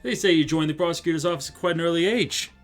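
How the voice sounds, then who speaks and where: A streamer putting on a chatty older judge with a playful put-on Canadian accent, his voice pitched up and tagging questions onto everything. Faint music plays underneath. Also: quick pace, close to an everyday voice. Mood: friendly. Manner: rambling, friendly, ends lines with "eh". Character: folksy older male judge. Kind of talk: let's play voice acting.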